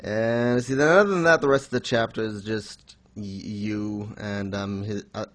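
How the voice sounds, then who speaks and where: A man's voice: fairly low pitch, fairly even intonation, normal speed, a bit bright, a little hiss or hum. A man co-hosting a podcast in casual chat, blunt and sarcastic, swearing freely. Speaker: podcast co-host reviewing manga.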